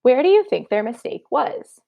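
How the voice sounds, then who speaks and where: A woman's voice: high voice, sing-song, normal speed, vocal fry, muffled recording. A woman teacher giving a third-grade math review lesson, upbeat and encouraging, talking through each step aloud.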